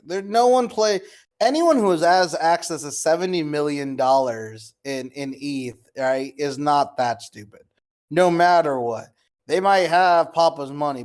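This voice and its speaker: Young man, casual streamer, higher-pitched, incredulous, profane. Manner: incredulous, excitable, swearing, addresses viewers as guys. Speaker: crypto streamer. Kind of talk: live screen-share commentary.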